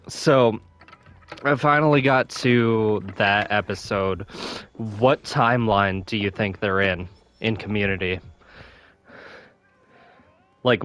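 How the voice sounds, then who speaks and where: Unhurried male gamer, lower register, meandering delivery full of ums, keeps clearing his throat. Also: fairly bright tone. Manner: rambling, many fillers and restarts. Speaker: gaming channel host. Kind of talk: casual chat while gaming.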